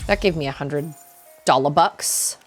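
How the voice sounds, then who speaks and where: A woman's voice: low voice, a little slow, slightly rough, soft background music. A young woman streaming a game, chatting casually, reading chat aloud and yelping during fights. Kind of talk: casual gameplay commentary.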